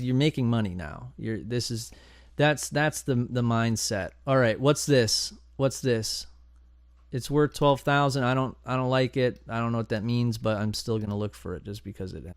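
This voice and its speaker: Chatty guy doing a screen share tutorial, gets all worked up, kinda gravelly voice, dry close sound. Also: medium pitch, no room sound. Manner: excitable and chatty, bursts of enthusiasm and groans. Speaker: domain investing channel host. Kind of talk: live screen-share tutorial, thinking aloud.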